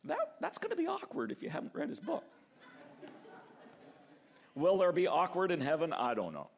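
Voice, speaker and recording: An older man preaching a sermon, lively and acting out the quoted voices as he goes. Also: sits high, normal speed, vocal fry. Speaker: pastor.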